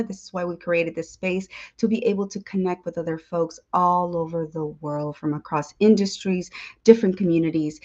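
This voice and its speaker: A woman hosting a lively livestream chat, energetic and playful, greeting viewers. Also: medium pitch, lo-fi sound. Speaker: host.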